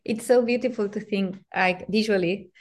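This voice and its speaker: A woman speaks quietly and thoughtfully as a conversation partner, shaping her ideas gently. Her tone is calm and unhurried. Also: mid-range voice. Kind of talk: casual chat.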